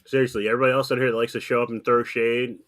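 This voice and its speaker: Man, quick talker, bright voice, joking banter, casual group chat. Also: mid-range voice, little pitch movement, no room sound, studio quality.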